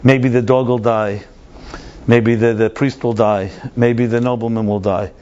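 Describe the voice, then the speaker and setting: Shrewd old sage, calm and sure of himself, voice pitched up, put on by a male storyteller; lo-fi sound. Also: measured pace, natural voice. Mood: sly, confident.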